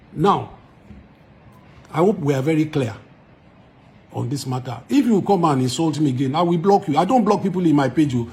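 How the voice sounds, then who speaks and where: Emphatic Nigerian man, slightly high voice. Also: a little mellow, a little hiss or hum. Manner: emphatic, argumentative, repeats points for force. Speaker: musician. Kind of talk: direct-to-camera address to followers.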